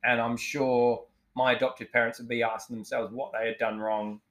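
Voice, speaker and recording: A man's voice: mid-range voice, little pitch movement, moderate pace, fairly bright tone. A man in his forties talks frankly as a podcast guest, his voice sitting in an ordinary middle register. He swears freely and opens up emotionally as he recounts his past. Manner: frank, profane, emotionally open. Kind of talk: candid conversational storytelling.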